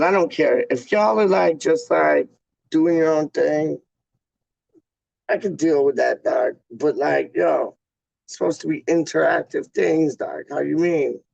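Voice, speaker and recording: A man with a heavily gravelly voice talks slowly and loosely, dropping slang as he answers viewers' questions. The sound is dry and close. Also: a little high, a little mellow, no echo, rough recording. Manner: slangy, laid-back, says "dog" and "straight up". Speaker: vlogger answering chat questions. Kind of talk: casual live-stream chat.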